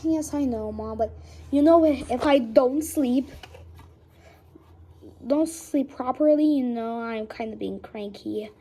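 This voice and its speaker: A woman's voice: on the high side, takes it slowly, long pauses, mellow. A woman doing a cranky whiny toy girl. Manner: whiny, complaining. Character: cranky young girl toy animal, fussy about sleep.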